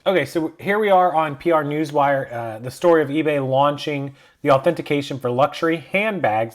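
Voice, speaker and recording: A man hosting a reselling vlog who reads a news story aloud and breaks off into casual asides. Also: fairly high pitch. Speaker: reselling channel host.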